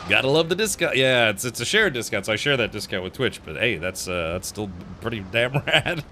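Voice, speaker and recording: Excitable man streaming a game. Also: medium pitch, fairly quick, slight background noise. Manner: excitable, laughs often, thanks viewers. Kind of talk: casual live-stream gaming chat.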